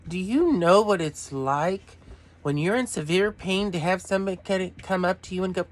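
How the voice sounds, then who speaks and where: A middle-aged male vlogger rants to camera, blunt and profane, repeatedly wandering off topic. His voice sits high and he talks at a normal speed.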